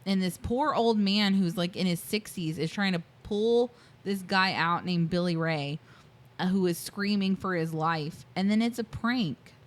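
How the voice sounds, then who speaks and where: A woman's voice: lowish voice, a little slow. A woman co-hosting a podcast, recapping a movie in casual chat, giggling often and acting out the characters' lines as she tells the story. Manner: giggly, animated storytelling with quoted voices. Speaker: podcast co-host.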